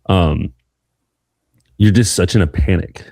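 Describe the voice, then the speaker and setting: A young man co-hosting a podcast, telling a rambling, animated story in casual chat. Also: sits low, slow pace, vocal fry, slightly rough, no echo, studio quality. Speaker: podcast co-host.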